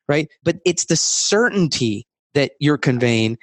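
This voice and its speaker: A man talking as a guest on a podcast interview, emphatic and rapid-fire, acting out his sales talk. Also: on the high side, lively intonation, no echo.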